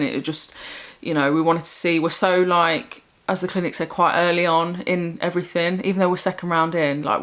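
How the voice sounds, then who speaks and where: Young English woman vlogger, lowish voice, rambling and candid. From England. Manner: chatty, rambling, warm and candid. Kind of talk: casual chat.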